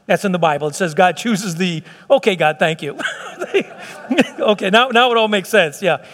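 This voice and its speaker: A pastor delivers a sermon to his church. His voice sits high, and he preaches in a fervent, conversational way, circling back with repeated phrases and restarts. A long reverb trails his words through the sanctuary. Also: moderate pace, fairly bright tone.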